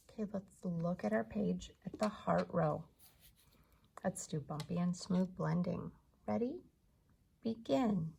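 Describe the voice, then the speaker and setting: A woman teaches young children to read, stretching sounds out one by one at a very unhurried pace. Her voice sits low with a gravelly edge, and she cheers them on gently between words. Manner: slow, sounding out letters and blending words; gentle, encouraging teacher talk to young kids. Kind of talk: early-reading phonics lesson for children.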